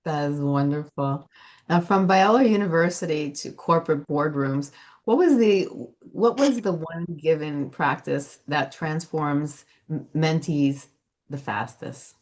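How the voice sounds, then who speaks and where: A woman's voice: low voice, unhurried, darkish tone. A woman hosting an interview, giving brief affirmations and asking formal questions. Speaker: podcast host.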